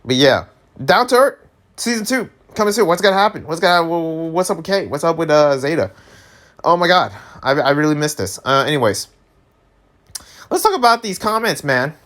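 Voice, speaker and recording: Animated ranting man vlogging. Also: brisk. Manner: animated, exasperated, pitch jumps high when worked up; laughs often, trips over words. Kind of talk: casual rant to camera.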